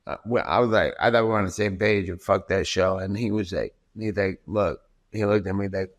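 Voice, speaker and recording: Low-voiced man telling a profane fight story. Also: a little fast. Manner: profane, acts out quoted dialogue with many restarts. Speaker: podcast guest, fighter. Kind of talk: casual storytelling.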